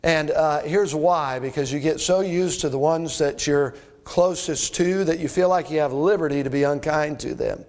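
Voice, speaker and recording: A man's voice: a little high, normal speed, hardly any pauses, darkish tone. A middle-aged man preaching a sermon as pastor, talking straight to his congregation in a folksy way with rhetorical questions.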